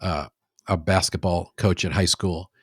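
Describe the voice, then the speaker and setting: A middle-aged man speaking as a podcast guest, reflective and measured, often restarting his sentences. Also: sits low, fairly even intonation, breathy edge, no echo, studio quality. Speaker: guest, sales author. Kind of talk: casual conversational interview.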